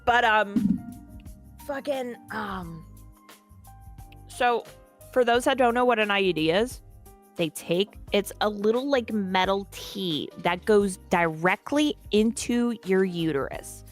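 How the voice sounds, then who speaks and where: Woman interview guest, swears freely, candid and animated, middle pitch, faint music behind. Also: takes it slowly. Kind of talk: casual storytelling.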